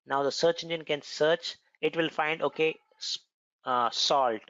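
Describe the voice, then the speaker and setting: A man's voice: a little high, fairly even intonation, a little slow, fairly bright tone, no echo. Indian male tech trainer, casual explanatory delivery, dry dull lo-fi recording. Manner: conversational, explanatory, frequent "uh" fillers. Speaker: cloud computing instructor. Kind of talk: recorded technical lesson with demo.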